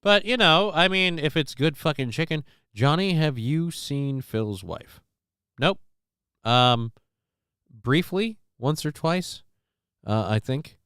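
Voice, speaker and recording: A man's voice: fairly high pitch, lively intonation, slow, fairly bright tone, clear, resonant tone, no room sound, studio quality. A man hosting a casual livestream, joking loosely and with profanity while reading out viewer comments. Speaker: livestream show host.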